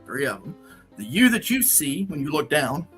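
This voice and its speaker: A man's voice: on the high side, moderate pace, soft background music. A man hosting a livestream, joking and laughing as he reads viewer super chats. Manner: animated, joking, laughs often. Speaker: livestream host. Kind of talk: casual livestream chat, reading super chats.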